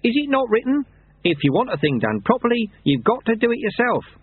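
A man's voice: extremely high pitch, big pitch swings, brisk, slightly rough, pitched above the performer's own voice, heavily acted. A man voicing an old, serene male monk who speaks mildly and quotes proverbs, over tinny narrowband audio. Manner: mild, proverb-quoting.

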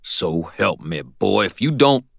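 Guy doing a grumpy old wizard mentor, growly folksy scolding, deep dry voice. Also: big pitch swings, a little slow, creaky, dry recording, full character voice. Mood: angry. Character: gruff old male wizard mentor, stern and blunt.

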